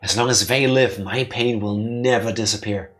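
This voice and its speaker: A man voicing a dark shadow spirit in a visual novel, speaking in a low, hollow, accusing way. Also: steady tone, moderate pace, close to an everyday voice.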